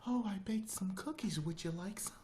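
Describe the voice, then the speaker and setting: A man's voice: sits high, moderate pace, warm tone, voice pushed up, close to an everyday voice. A man voicing a prim, sweet, old-fashioned woman who talks in a polite, genteel, sing-song way. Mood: prim, cheery.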